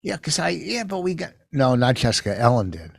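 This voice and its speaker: A man's voice: mid-range voice, very animated, a little fast, vocal fry, no echo, clean studio sound. An older man co-hosting a podcast, telling stories in a rambling, defensive way. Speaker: podcast co-host. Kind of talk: casual chat.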